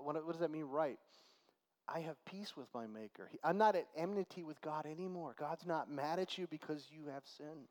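A male pastor giving a conversational verse-by-verse sermon, reading scripture slowly and building to emphatic points. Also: fairly high pitch, darkish tone, long reverb tail. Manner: conversational preaching, slow deliberate scripture reading, swells to emphatic.

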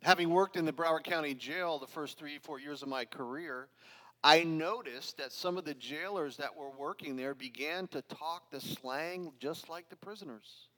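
A man's voice: fairly high pitch, normal speed, fairly bright tone. A middle-aged man pastor preaching a verse-by-verse sermon, earnest and emphatic, with conversational asides to his congregation. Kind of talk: expository sermon. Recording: long hall reverb.

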